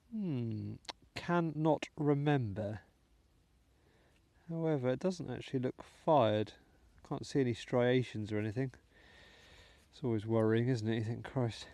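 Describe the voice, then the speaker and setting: A British man talks his viewers through a dig in a rainy field, chatty and easygoing with little muttered asides. His voice is mellow and relaxed, and the sound is close and dry. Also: mid-range voice, dry recording. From United Kingdom. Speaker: metal detecting channel host. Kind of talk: casual vlog commentary while digging. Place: outdoors in a wet field.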